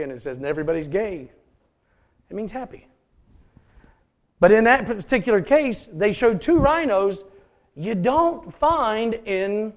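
Folksy pastor with a gravelly voice. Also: male voice, fairly high pitch. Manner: folksy, joking asides to the congregation. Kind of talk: sermon.

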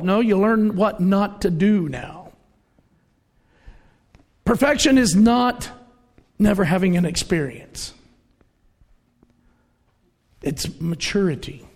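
High-voiced, gravelly preacher in a hall. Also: male voice. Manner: conversational, storytelling, acts out quoted voices. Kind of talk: sermon. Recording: reverberant hall.

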